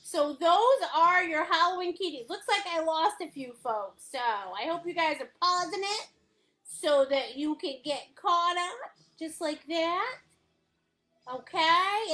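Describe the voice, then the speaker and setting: A woman's voice: extremely high pitch, pushed and bright. Playful woman leading a painting class. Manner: playful, silly, laughs often. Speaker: art instructor. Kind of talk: live painting class instruction.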